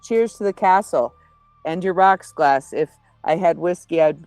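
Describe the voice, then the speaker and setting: A woman's voice: fairly low pitch, unhurried, over loud music. A woman joining a casual livestream chat, playful, with dry jokes and family stories. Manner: playful, dry humor, tells family anecdotes. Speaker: co-host guest on stream.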